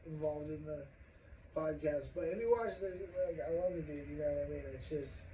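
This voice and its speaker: A man's voice: on the high side, normal speed, warm tone. Rambling, profane young man hosting a podcast. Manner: rambling, profane, laughs often. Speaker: podcast host. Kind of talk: casual podcast chat. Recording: roomy, distant mic, faint noise.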